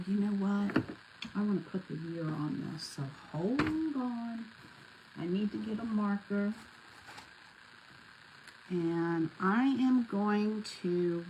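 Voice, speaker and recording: A woman with a drawl talks viewers through her gift wrapping in an easy, unhurried way. She chats as she works at home and keeps calling them y'all. A faint hum of room noise sits under her voice. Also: mid-range voice, poor audio. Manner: chatty, addresses viewers as y'all. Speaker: crafting vlogger. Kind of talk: casual crafting chat to viewers.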